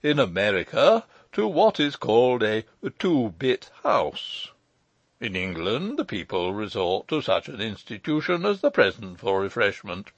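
Man voicing a self-important old lecturer, audiobook, lively swinging pitch, dry dull recording. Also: measured pace, no echo, exaggerated voice. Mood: lecturing. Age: older. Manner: lecturing, long-winded. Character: pompous elderly male lecturer, self-important.

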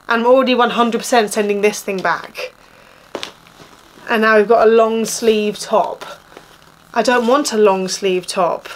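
A woman in her thirties with an Essex accent talks in a fairly high voice. She chats casually to camera and keeps sounding exasperated and let down. A faint noise sits under the recording. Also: steady tone, a little slow, pauses often. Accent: Essex English. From England. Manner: chatty, exasperated, complaining. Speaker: vlogger. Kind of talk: casual haul chat.

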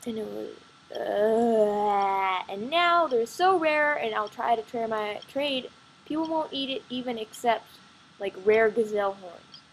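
Excitable chatty woman at home. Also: fairly high pitch, a little slow, a little hiss or hum, low-quality recording. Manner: excitable, chatty, full of fillers. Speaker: gaming vlogger. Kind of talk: rambling gameplay chatter. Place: at home by a computer.

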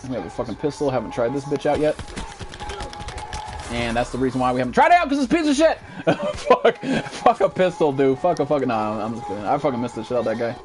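A man's voice: medium pitch, fast talker, over music. A young American man streaming a shooter game, cursing constantly, ranting and reading out viewers' chat messages. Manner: profane, excitable, reads chat aloud. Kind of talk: live gameplay commentary.

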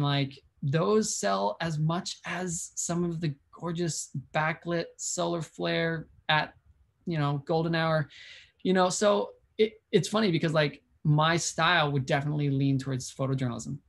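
An upbeat man talking about his photography work over a video call. He speaks casually and with enthusiasm, thinks out loud as he goes, and lets small chuckles slip in. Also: fairly high pitch, creaky. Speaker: wedding and portrait photographer, guest. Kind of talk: casual interview answers.

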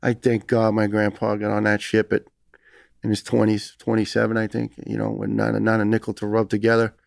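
A gravelly, lowish male voice, somewhat fast and monotone, recorded dry at studio quality. He's a retired firefighter from the United States in his fifties, with a New York accent, speaking earnestly and emphatically as a guest on a podcast interview.

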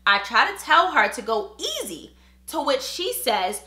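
High bright-voiced woman vlogger, super animated, chatting to viewers and reading an email, echoey room. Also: measured pace. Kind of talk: casual chat reading an email aloud.

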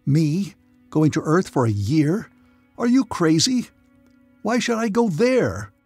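Brief: hot-tempered young starship man, raised and indignant, gravelly; a man reads him. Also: mid-range voice, a little fast, a little mellow, no room sound, soft background music, lightly acted. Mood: heated. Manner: heated, protesting. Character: angry young male starship-line man.

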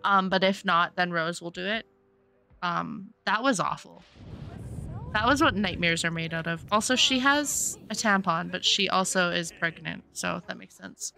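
A woman's voice: on the low side, moderate pace, gravelly, sharp tone, faint music behind. A woman streaming a life-sim game, chatting casually and gushing with thanks to her chat. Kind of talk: casual gameplay commentary. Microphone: desktop USB microphone.

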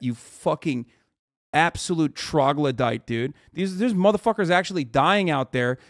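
A man's voice: fairly high pitch, no room sound, clean studio sound. A man streaming live, reacting in a heated, profane rant. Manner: angry, profane ranting.

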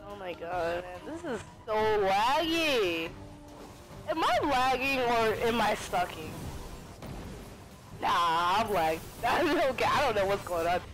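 A young woman giving excited gameplay commentary, often exclaiming and laughing as she plays. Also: mid-range voice, measured pace, faint music behind, low-quality recording. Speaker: gaming video creator.

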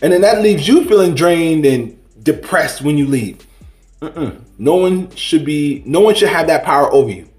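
A man's voice: fairly high pitch, expressive, normal speed, darkish tone, echoey room, soft background music. A man giving a rambling, preachy spiritual monologue in a casual vlog, full of slang and restarts. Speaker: spiritual vlogger.

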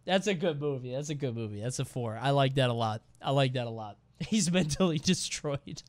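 A man streaming as he reacts to viewer clips and scores them, laughing often and swearing freely with loud exclamations. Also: medium pitch, lively intonation, fairly quick, no room sound. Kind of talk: casual reaction commentary. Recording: background noise.

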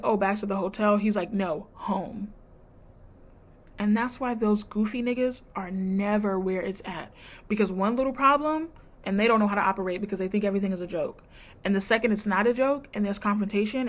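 Woman, vlogger, casual recap chat, sassy, blunt, slangy. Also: medium pitch. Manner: retells scenes by quoting people.

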